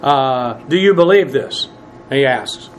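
A man teaching a sermon verse by verse, plain-spoken and halting, with many fillers and self-corrections. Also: medium pitch, expressive, slight background noise, low-quality recording. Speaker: pastor.

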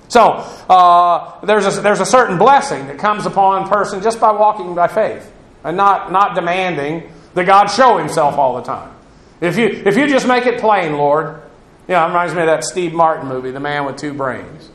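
A man's voice: sits high, moderate pace, a bit bright, echoey room. A man teaching through a Bible passage verse by verse, in a conversational, digressive way with asides on Greek grammar.

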